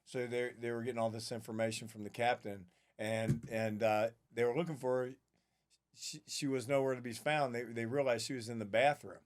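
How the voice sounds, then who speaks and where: A man's voice: mid-range voice, fairly even intonation, a little fast. A man co-hosting a casual podcast who laughs often while he retells stories. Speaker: podcast co-host. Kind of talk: casual chat.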